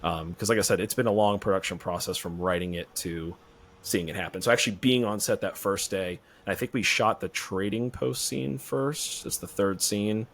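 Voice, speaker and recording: A man being interviewed as a filmmaker guest on a podcast, talking in a relaxed, rambling way. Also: on the low side, normal speed.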